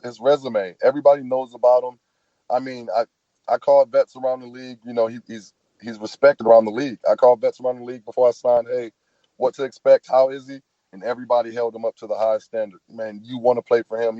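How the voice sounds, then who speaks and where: A relaxed man with a Southern US accent talks through stories as a podcast guest, dropping "man" and "you know" as he goes. His voice is mellow and dark. The audio is dry and a little dull. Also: medium pitch, no echo. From American South. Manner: laid-back, storytelling, says "man" often. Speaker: football player guest. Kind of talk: casual podcast chat.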